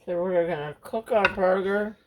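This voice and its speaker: A woman's voice: fairly low pitch, moderate pace, heavy background noise. A woman talking casually through a home cooking recipe in her kitchen, chatty and homespun. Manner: chatty, homespun, loose with restarts. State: has the hiccups. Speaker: cooking vlogger. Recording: loud frying sizzle behind.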